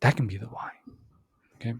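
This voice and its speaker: A man hosting a podcast, giving an animated motivational monologue, repeating words and acting out other voices. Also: a little fast, no room sound, studio quality. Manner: animated, repeats words, acts out voices with big pitch jumps. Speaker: podcast host.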